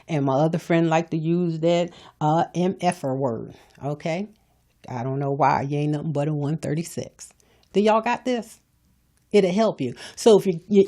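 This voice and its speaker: A woman's voice: on the low side, mellow. An older woman hosting her own podcast, giving a folksy, preachy motivational talk straight to her listeners. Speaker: podcast host.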